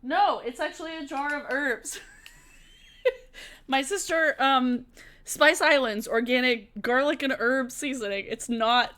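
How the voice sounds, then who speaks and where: A young woman hosts a relaxed live-stream Q&A, reading out chat questions and answering them off the cuff. Her voice is bright and a little high, and she laughs easily and swears without a second thought. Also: takes it slowly. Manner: chatty, laughs often, swears casually.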